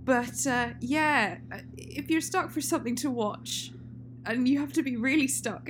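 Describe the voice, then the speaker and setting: A woman's voice: fairly high pitch, normal speed. A woman co-hosting a casual film chat, rambling and laughing often. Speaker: podcast co-host. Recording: faint hum and noise.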